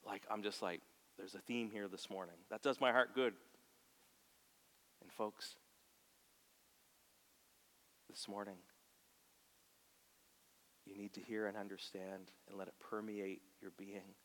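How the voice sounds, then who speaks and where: A man preaching a sermon in a church. He moves from soft, near-whispered lines to loud, passionate bursts and acts out quoted voices. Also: lowish voice, steady tone, a little slow, pauses often, a little hiss or hum. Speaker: pastor. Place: church sanctuary. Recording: long hall reverb.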